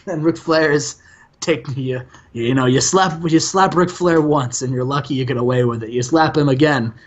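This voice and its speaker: A man hosting a gaming show, recounting wrestling action in excited, casual storytelling. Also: medium pitch, normal speed. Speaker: host. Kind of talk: casual play-by-play of a wrestling sim game.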